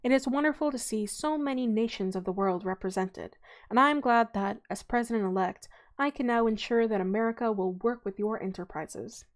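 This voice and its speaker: A woman voicing a greedy, smooth male tycoon in a storybook reading, giving a polished, formal welcome speech. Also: fairly high pitch, fairly quick, natural voice. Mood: welcoming.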